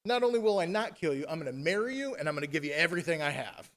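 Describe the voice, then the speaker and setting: A man's voice: fairly high pitch, big pitch swings, very fast, fairly bright tone. A man voicing a greedy, callous king who talks in a brash, gloating way.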